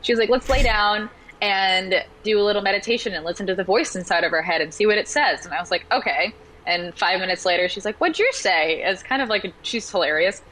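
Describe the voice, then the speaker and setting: Chatty bright-voiced woman telling stories. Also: medium pitch, fairly quick, slight background noise, poor audio. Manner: chatty storyteller, acts out quoted voices, says "like" often. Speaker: podcast guest. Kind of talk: casual interview chat.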